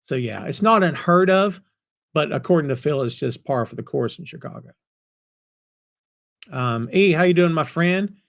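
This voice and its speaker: Guy from north carolina hosting a live stream, chatty, fairly high voice, reads out viewer comments. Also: normal speed, vocal fry, pauses often. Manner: chatty, greets viewers by name, animated bursts. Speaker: podcast host. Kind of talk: casual chat reading live comments.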